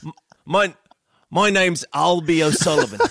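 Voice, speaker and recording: A grizzled little boy with a limp and a put-on British accent, greeting a visitor with stiff old-fashioned politeness, as a man puts him on while laughing. The voice is raised above his normal talk and pushed bright. The sound is close and dry. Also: a little high, unhurried, gravelly, no echo. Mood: mock-formal. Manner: mock-formal, laughing through it.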